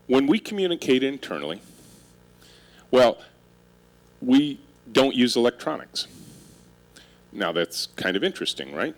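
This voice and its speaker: Animated middle-aged man giving a humorous keynote. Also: mid-range voice. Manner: animated storytelling with audience interaction; wry, self-mocking humor. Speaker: keynote speaker and company leader. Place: stage before a live audience.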